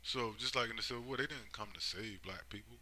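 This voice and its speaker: A man's voice: lowish voice, quick pace, bright, forceful tone, poor audio. A man giving a rambling, profane monologue, driving his points home with constant tag questions. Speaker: commentator. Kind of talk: casual monologue.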